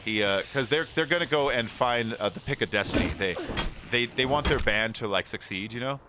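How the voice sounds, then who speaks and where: A man's voice: medium pitch, a little fast, background noise. A man chatting casually while streaming a game, rambling through movie stories and laughing often. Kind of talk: casual gaming stream chat.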